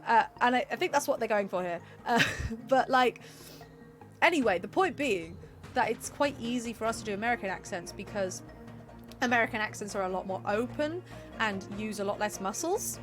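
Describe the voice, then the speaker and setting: A woman's voice: a little high, animated, moderate pace, faint music behind. A woman with a Southern English accent, chatting casually and rambling as she streams a video game, laughing often. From England. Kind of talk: casual gameplay commentary.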